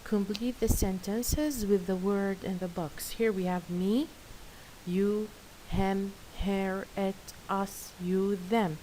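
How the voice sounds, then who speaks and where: Female teacher, unhurried, encouraging, light hiss on the track. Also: mid-range voice, fairly even intonation, warm tone, low-quality recording. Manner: patient, praising, careful and slow. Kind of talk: classroom lesson, reading workbook answers. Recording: faint hiss.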